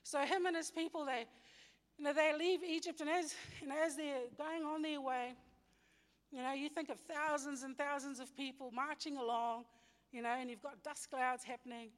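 In a long, reverberant hall, a woman teaches a Bible story at a moderate pace, her high voice steady in tone. It's a chatty, informal sermon, with scripture put into everyday slang and plenty of fillers, restarts and self-corrections.

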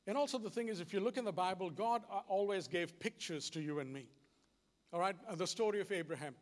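A man's voice: high voice, quick pace. A man preaching a sermon, telling stories with animation and acting out dialogue. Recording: long hall reverb.

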